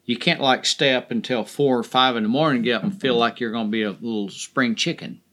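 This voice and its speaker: Male podcast host, folksy and plain-spoken, mid-pitched, repeats key lines, casual cursing. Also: a little fast, a bit bright. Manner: folksy, blunt, swears casually, repeats phrases for emphasis. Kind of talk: motivational podcast talk.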